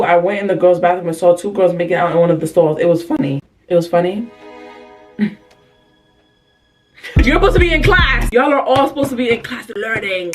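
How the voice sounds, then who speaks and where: A young woman reading out viewer confessions and answering them bluntly, with sassy slang and quick comebacks. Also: fairly low pitch. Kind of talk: casual commentary on confessions.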